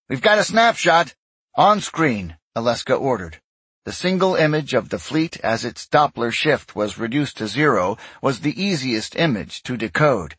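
A man narrating a science fiction audiobook in a steady, measured storytelling voice. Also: mid-range voice, breathy edge, dry recording. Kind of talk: scripted narration.

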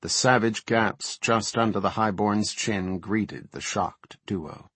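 A man narrating an audiobook in an even, unhurried read. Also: lowish voice, breathy edge, dry recording. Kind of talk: scripted narration.

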